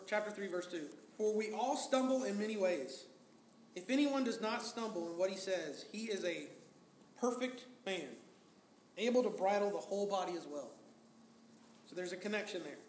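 A man's voice: high-pitched, echoey room, a little hiss or hum. A man preaching a sermon as pastor, talking in a conversational way, asking the congregation rhetorical questions and acting out quotes.

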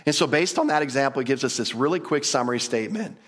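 A man teaching a Bible passage in a lively, conversational way, often repeating words and putting questions to his listeners. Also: mid-range voice, quick pace. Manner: animated, enthusiastic, repeats words, asks the audience questions.

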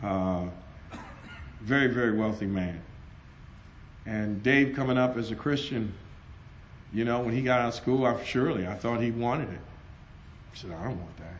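A middle-aged man preaching a sermon, loud and animated, telling stories and laughing between them. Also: medium pitch, normal speed, pauses often, a little hiss or hum. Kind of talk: lively storytelling sermon.

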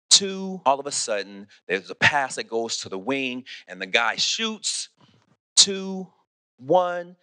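Bright-voiced preaching pastor. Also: male voice, medium pitch, no room sound, studio quality. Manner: animated, repeats words, asks "okay?" often. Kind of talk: sermon.

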